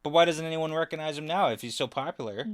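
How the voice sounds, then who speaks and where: A man's voice: fairly high pitch, fast talker, no room sound. Playful man, casual podcast co-host, dry sound. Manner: laughs often, playful teasing. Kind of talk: casual chat about a book chapter.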